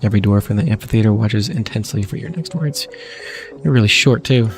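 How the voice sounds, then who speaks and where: Dude playing a game and reading the text out loud, keeps cracking up, lowish voice, quiet game music behind. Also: male voice, quick pace. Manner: laughs often, wry asides. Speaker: gaming channel host. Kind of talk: let's play commentary, reading game text aloud. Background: faint game music.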